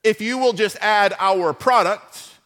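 Guy doing a cheesy high-voiced tv pitchman, drags every word out slow and pushy. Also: a bit bright. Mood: salesy. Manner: slow, drawn-out sales pitch. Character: pushy male infomercial pitchman.

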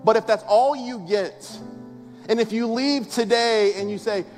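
High-voiced pastor preaching in a reverberant hall. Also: male voice, a little slow, a little mellow. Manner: conversational, emphatic preaching with rhetorical questions. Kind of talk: sermon. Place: large church auditorium. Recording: long hall reverb with faint music.

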